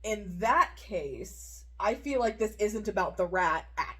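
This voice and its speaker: A woman co-hosting a podcast, chatting casually, animated and quick to laugh. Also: mid-range voice. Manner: animated, laughs often, thinks out loud. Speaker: podcast co-host. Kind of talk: casual chat.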